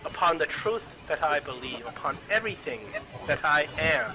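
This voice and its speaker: A man's voice: fairly high pitch, expressive, normal speed, lightly acted, rough recording. A man voicing a bold, scheming female harper agent in a tabletop game, speaking in solemn, formal oaths.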